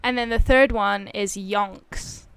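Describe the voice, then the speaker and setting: A woman's voice: medium pitch, fairly even intonation, slow pace, creaky, fairly bright tone, clean tone, no room sound. A woman co-hosting a podcast, patiently explaining slang in casual chat with frequent giggles. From lived in England. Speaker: podcast co-host.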